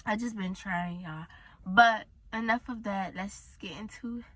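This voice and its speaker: A pregnant teenage girl vlogs a casual story-time from her car, her medium-pitched voice a bit bright and measured, with no echo. She's chatty and rambling, says "y'all" a lot, and sounds a little tired and down.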